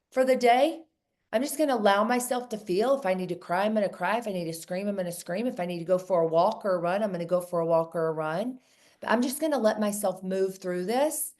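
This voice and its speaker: A woman's voice: lowish voice, darkish tone. Encouraging woman coaching on a video call. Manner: earnest, encouraging, repeats phrases for emphasis. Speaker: women's coach leading a group video call. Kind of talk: casual coaching talk.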